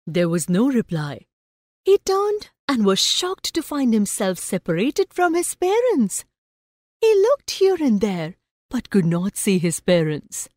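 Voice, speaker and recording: Slow, lilting woman telling a story. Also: medium pitch, dry recording, studio quality. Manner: slow, expressive and lilting, asks the class questions. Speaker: teacher narrating a story. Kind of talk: scripted story narration for students.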